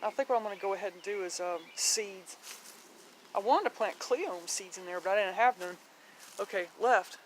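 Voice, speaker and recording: A woman's voice: medium pitch, moderate pace, slight background noise. A woman giving a casual walking tour of her home garden, chatty and rambling, blunt, with mild swearing and frequent laughter.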